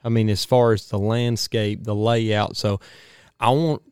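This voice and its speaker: A man, hosting a podcast in a home studio and chatting in an excitable, rambling way. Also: lowish voice, a little slow, clean tone, dry recording. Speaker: podcast host. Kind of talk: casual chat.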